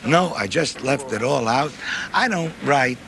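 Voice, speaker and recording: An older male writer with a New York accent, chatting wryly in an interview and pausing often. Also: medium pitch, expressive, a crowd in the background. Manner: chatty, wry, halting with fillers. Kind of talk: archive interview. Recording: noisy archive recording.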